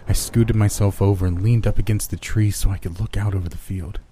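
A man narrating a horror story in a measured, dramatic way. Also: lowish voice, steady tone, mellow, a little hiss or hum.

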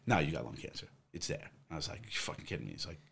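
A man's voice: extremely low pitch, sing-song, rapid-fire, vocal fry, a bit bright, slight background noise. A middle-aged man, a former police officer, telling a long personal story in casual conversation, with many fillers and quoted exchanges. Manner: rambling, acts out others' quotes, many fillers.

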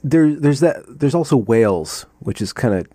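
A man's voice: mid-range voice, expressive, normal speed, dark tone, dry recording. A man hosting a casual conversation, talking in a meandering, playful way and thinking aloud. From United States.

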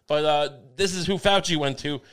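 A man's voice: on the high side, moderate pace, a bit bright, clean tone. A man co-hosting a podcast, chatting casually with rambling, profane jokes. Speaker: podcast co-host. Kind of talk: casual chat.

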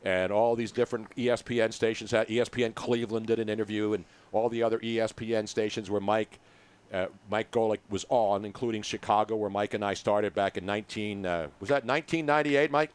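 A man hosting a sports talk radio show, animated and teasing, rambling through his stories. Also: on the low side, quick pace, smooth. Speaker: radio host.

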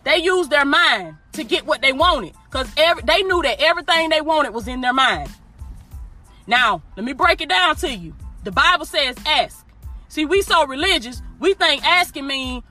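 A woman preaches informally with strong emphasis, repeating phrases and speaking straight to her listeners, calling them "y'all" and "baby." Her high, expressive voice has a sharp edge and moves at normal speed. Soft music plays underneath as she motivates her audience.

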